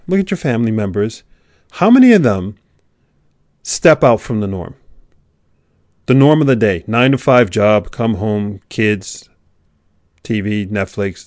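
A man giving a motivational monologue, preachy, swinging from loud urging to a hushed near-whisper. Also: fairly low pitch, no echo, clean studio sound. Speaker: motivational speaker.

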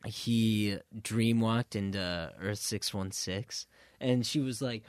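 A man's voice: lowish voice, slow, clean tone, no echo. Guy chatting movies, acts out quotes, dry sound. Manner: animated, acts out quotes, apologetic interrupter. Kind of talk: casual movie discussion.

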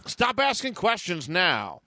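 A man's voice: sits high, wildly swooping pitch, takes it slowly, sharp tone, no room sound, clean studio sound, exaggerated voice. A man putting on a tough-talking, wisecracking character in a comedy bit, with clipped lines that end on a challenge. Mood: defiant. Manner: clipped tough-guy talk ending on "see?".

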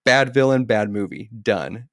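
A man with a low voice co-hosts a relaxed film podcast. He rambles through his points with loose restarts and breaks into laughter. The sound is dry and close, with no room echo. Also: unhurried. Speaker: podcast co-host. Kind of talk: casual movie review chat.

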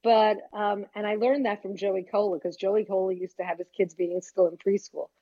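A woman's voice: medium pitch, fairly even intonation, moderate pace, warm tone. An older woman stand-up comic trading brash stories and punchlines in a casual interview. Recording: dull lo-fi sound.

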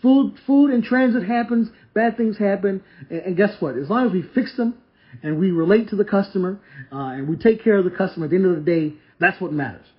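Male podcast host, high-pitched voice, gushing and repetitive, slightly muffled lo-fi recording. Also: brisk. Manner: enthusiastic, repetitive, stumbling restarts. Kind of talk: casual restaurant review monologue. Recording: slightly dull lo-fi audio.

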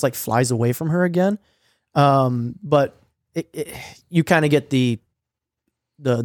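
A man's voice: mid-range voice, darkish tone, no room sound, studio quality. Rambling, profane young man. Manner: profane, rambling storytelling with many fillers; acts out quoted lines with a raised voice. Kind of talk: casual recap of a streamed game.

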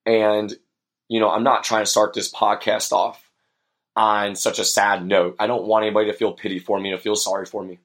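A man's voice: fairly low pitch, level tone, moderate pace, a bit bright. A young man hosting a podcast, telling a personal story in an earnest, reflective way with many fillers. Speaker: podcast host.

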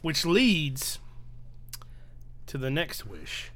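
A man in a casual podcast, calmly summarizing movie plot points. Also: on the high side, drawn-out words. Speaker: podcast co-host. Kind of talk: casual film recap chat.

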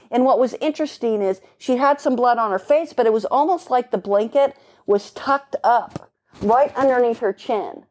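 A woman's voice: on the high side, a little mellow. A middle-aged woman police officer recounting a call in casual conversation, vivid and emphatic, with blunt, casual swearing.

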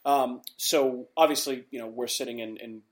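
A man's voice: mid-range voice, steady tone, normal speed. A man hosting a podcast, asking questions in an easygoing, casual way. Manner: easygoing, frequent fillers and restarts. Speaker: podcast host. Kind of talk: casual interview.

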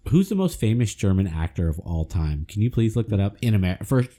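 A man's voice: on the low side, big pitch swings, brisk, warm tone. A man co-hosting a podcast, chatting loosely, swearing and laughing often. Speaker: podcast co-host. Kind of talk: casual chat.

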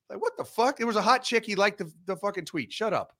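A man's voice: high-pitched, very animated, fast, sharp tone. A man speaking as a guest on a sports show, blunt and opinionated, swearing a lot. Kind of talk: casual sports talk.

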